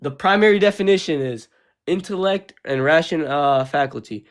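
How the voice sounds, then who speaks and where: A young man calls in to an online debate and argues back in a loose, casual way. He fills his pauses with "uh" and "um," and his voice sits a little on the high side for a man. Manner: casual, says bro, pauses with uh and um. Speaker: caller debating the host. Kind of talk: heated debate.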